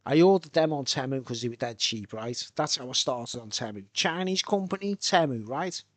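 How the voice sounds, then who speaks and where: With lively intonation and a moderate pace, a mid-range male voice from Birkenhead, England, speaks in a Merseyside accent during a casual live stream. He repeats "right?" often, broadcasting from a soundproof-tiled tent at home, and the recording is dry.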